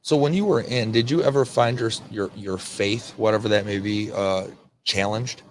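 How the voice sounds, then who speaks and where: A man's voice: on the low side, moderate pace, a little hiss or hum. A male podcast host and veteran in casual interview chat, laid-back and laughing often.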